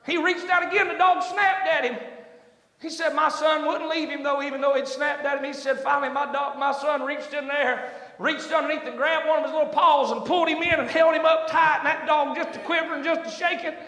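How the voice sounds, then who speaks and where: A man preaching a sermon, telling a folksy story that builds into shouted preaching. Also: very high voice, steady tone, a little fast. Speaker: pastor. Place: church sanctuary. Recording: echoey hall with long reverb.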